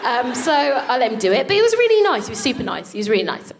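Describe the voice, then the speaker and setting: Animated woman telling comic stories live. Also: high-pitched, fast, a little hiss or hum. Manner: animated, swears and laughs often. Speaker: co-host. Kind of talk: comic storytelling before a live audience. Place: live stage.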